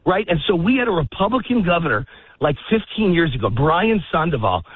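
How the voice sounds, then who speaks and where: A husky, out-of-breath man rants heatedly down a tinny phone line, his voice pitched fairly high. He walks outdoors as he talks, pushing his points hard. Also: dry recording. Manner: heated, emphatic, rapid-fire ranting. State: out of breath, walking a dog. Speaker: political commentator guest. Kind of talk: phone-in talk radio interview. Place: outdoors in a park, walking.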